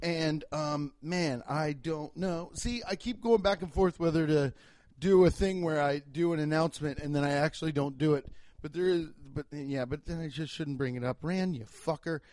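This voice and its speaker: A man's voice: fairly high pitch, normal speed, darkish tone, no echo. A young man hosting a podcast in casual chat, rambling and interrupting himself, with frequent swearing. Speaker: podcast host and comedian.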